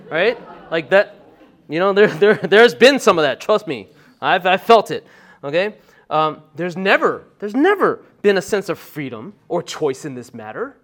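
Male pastor, sermon delivery, voice a bit on the high side, conversational asides, sudden loud emphatic bursts. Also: big pitch swings, moderate pace. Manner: emphatic, conversational preaching with frequent "right?" asides.

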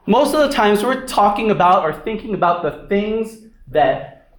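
High-voiced pastor, chatty and animated. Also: male voice, a little slow. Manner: conversational, frequent "right?" asides; animated storytelling, acts out voices. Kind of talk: sermon with prayer and personal story.

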